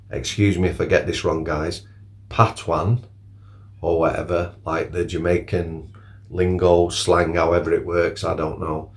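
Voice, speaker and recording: A man talks in a deep, low register. He tells his stories bluntly and plainly, wandering from one anecdote to the next in a casual monologue. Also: little pitch movement, measured pace. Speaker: former prison officer telling stories.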